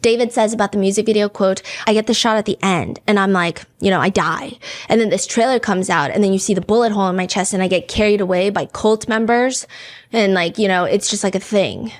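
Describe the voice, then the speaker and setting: A woman's voice: medium pitch, a little fast. Chatty woman podcast host. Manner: chatty, frequent "like" and "you know", reads out quotes and lyrics. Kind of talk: casual true-crime storytelling.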